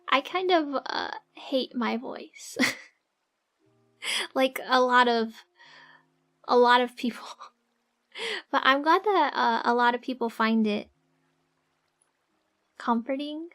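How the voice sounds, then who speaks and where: High soft-voiced girl streaming, slow and halting, lots of ums and giggles while drawing. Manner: soft-spoken, halting, giggly, many fillers. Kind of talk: casual live-stream chat. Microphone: desk microphone.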